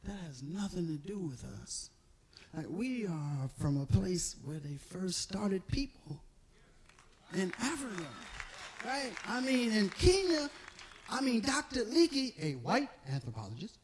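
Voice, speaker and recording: A man doing stand-up, telling stories in an animated, profane way and acting out the people in them. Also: sits high, measured pace, slight background noise. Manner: animated, profane, acts out characters. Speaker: stand-up comedian. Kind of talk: stand-up storytelling.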